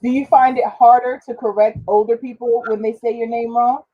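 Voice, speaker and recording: A woman's voice: a little high, steady tone, fairly quick, highs cut off. A woman talking on a panel show in casual conversation, trailing off and restarting now and then.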